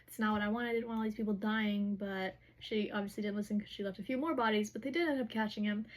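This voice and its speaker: A young woman casually retelling a novel's chapters, chatty and animated, with slangy asides. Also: medium pitch, fast. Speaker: book recap vlogger.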